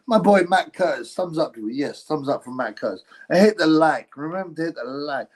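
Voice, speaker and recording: A man's voice: fairly high pitch, expressive, fairly quick, low-quality recording. Blunt opinionated man livestreaming boxing. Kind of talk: casual livestream commentary reading chat.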